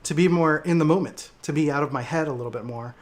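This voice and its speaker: A man's voice: on the high side, fast. A man hosting a casual livestream, reading viewer comments and talking reflectively with frequent hesitations and fillers. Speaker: livestream host.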